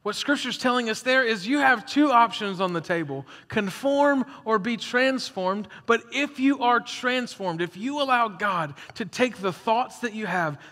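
A preacher man talking to his church in a lively, chatty way, slipping into small mock voices for the people he describes. His voice sits high and sounds bright and forceful. It rings out with the long reverb of a big hall. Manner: conversational, animated, acts out quoted voices. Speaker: pastor. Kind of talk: sermon.

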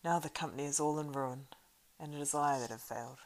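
A grave, weary ranger leader speaks in solemn, measured phrases, as a woman reading a storybook voices him. The voice sits low and gravelly. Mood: grieving. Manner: solemn, measured old-fashioned speech.

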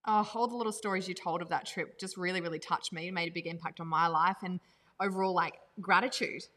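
A woman's voice: fairly low pitch, fairly even intonation, fast talker, big-room sound, noisy background. A woman co-hosting a podcast, gushing and enthusiastic as she praises her guest. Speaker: podcast co-host. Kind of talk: casual podcast chat.

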